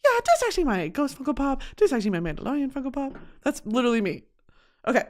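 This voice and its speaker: Animated, swearing young woman podcaster. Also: sits high, racing. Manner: expressive, swears a lot, mocking self-talk. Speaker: podcast host. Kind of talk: casual chat. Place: home studio.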